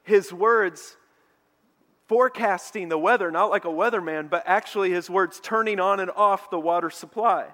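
A man preaching a sermon as a pastor, telling a story with animated energy. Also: sits high, moderate pace. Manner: animated storytelling preacher, mocking shouts in quoted lines. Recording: long hall reverb.

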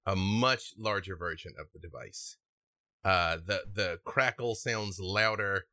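A man narrating a tabletop game as game master, calmly describing scenes and calling for checks. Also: deep voice, unhurried, no echo. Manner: calm, descriptive, with rulings.

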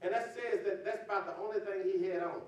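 A man preaching a sermon as pastor, talking to his congregation as y'all and rising into shouts. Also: high-pitched, fast, a little hiss or hum. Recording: echoey hall, distant mic, faint ambience.

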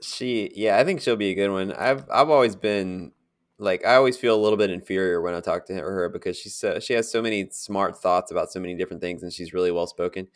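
A man's voice: low-pitched, quick pace. A man co-hosting a podcast in casual chat, rambling and chatty, laughing at his own stories. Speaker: podcast co-host.

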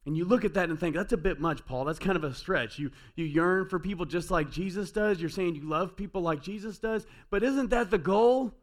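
A man preaching a sermon as pastor, conversational and earnest, with frequent restarts, swinging between emphatic peaks and quiet, softer passages. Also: a little high, a little fast, hardly any pauses.

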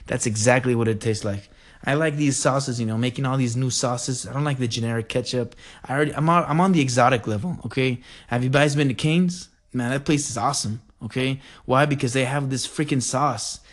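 A man from the El Paso area hosting a podcast, rambling in an animated, digressive way. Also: medium pitch. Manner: animated, digressive, says "freaking" a lot. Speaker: podcast host. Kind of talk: rambling casual monologue.

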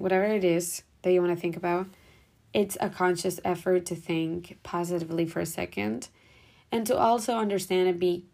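A woman's voice: on the low side, vocal fry, a little mellow. A young woman hosting a podcast, talking in a rambling, casual way with lots of "like" and "whatever.". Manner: rambling, heavy use of "like" and "whatever". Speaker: podcast host. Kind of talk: casual reflective monologue.

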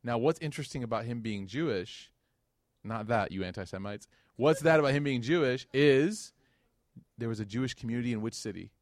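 A man's voice: mid-range voice, brisk, no room sound, studio quality. A man giving a casual religious lecture, telling a story and acting out the dialogue with slangy asides. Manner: animated, acts out quoted dialogue.

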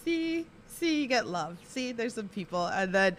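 A woman's voice: on the high side, sing-song, unhurried, a little hiss or hum. A woman hosting a casual podcast, giggling often and reading out questions from the chat. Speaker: podcast host.

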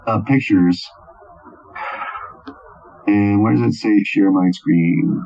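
A man narrating a tabletop game as game master over a voice call, speaking haltingly with many fillers. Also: lowish voice, steady tone, a little mellow, muffled recording, faint music behind.

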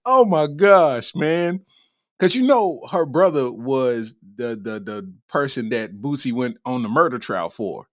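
A man's voice: mid-range voice, expressive, measured pace, dry recording. Podcast guy riffing on gossip, laughs a lot, voice jumps all over, dry close sound. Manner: slangy, laughs often, loose and irreverent. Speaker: podcast host. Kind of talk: casual comedic commentary.

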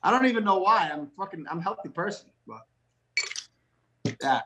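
A man's voice: high-pitched, expressive, normal speed, pushed and bright, highs cut off. A man hosting a casual chat while showing how to make a cocktail, rambling and repeating himself. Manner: rambling, repetitive, laughs easily. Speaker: host.

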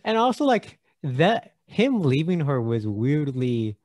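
A man's voice: fairly high pitch, very animated, slow, a little mellow, dry recording. A man co-hosting a film podcast in a casual chat. He is jokey and stumbles over his words. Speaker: podcast co-host. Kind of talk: casual movie discussion.

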